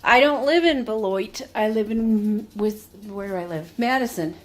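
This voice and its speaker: A woman's voice: medium pitch, moderate pace. A woman vlogging at home, chatting casually in a wry, meandering way full of asides. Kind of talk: casual rambling chat. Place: home, indoors.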